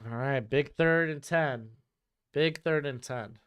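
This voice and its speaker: A man's voice: a little high, slow pace, fairly bright tone, smooth. A man live-streaming a football watch-along, chatting casually and jumping between calls on the plays and replies to his chat.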